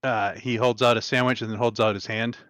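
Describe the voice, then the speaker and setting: Man, game master, casual narration, halting fillers, dry close sound. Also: mid-range voice, steady tone, fairly bright tone, no echo.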